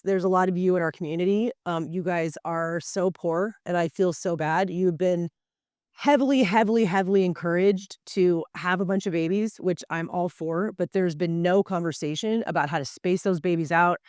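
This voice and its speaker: A woman's voice: on the low side, fairly even intonation, normal speed, a little mellow, clear, resonant tone, no echo, studio quality. A woman co-hosting a health podcast in a casual, earnest way, speaking straight to her listeners. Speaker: podcast co-host.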